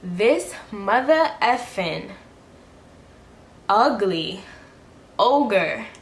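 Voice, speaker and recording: A woman's voice: medium pitch, expressive, extremely slow. Young woman, vlogger, heated blunt storytelling, roomy echo, faint hiss. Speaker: beauty vlogger. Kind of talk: get-ready-with-me storytime chat. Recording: echoey room, faint background hiss.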